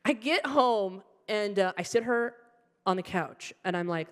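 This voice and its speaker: A woman's voice: medium pitch, unhurried. Wry middle-aged woman doing stand-up. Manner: animated, wry and self-mocking. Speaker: stand-up comedian. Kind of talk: stand-up storytelling. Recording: stage mic with hall reverb.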